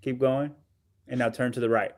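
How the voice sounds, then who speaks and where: A man's voice: mid-range voice, little pitch movement, normal speed. A man co-hosting a podcast, arguing his point in casual chat, often stammering and restarting. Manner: defensive, stammering, argumentative. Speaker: podcast co-host.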